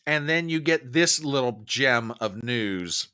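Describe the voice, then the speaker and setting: A middle-aged man hosts a live stream and talks straight to his viewers. His voice is bright and forceful, and he rants with heated emphasis while reading their comments. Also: mid-range voice, lively intonation, slow, clean tone. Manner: emphatic, ranting, swings from warm to furious. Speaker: host.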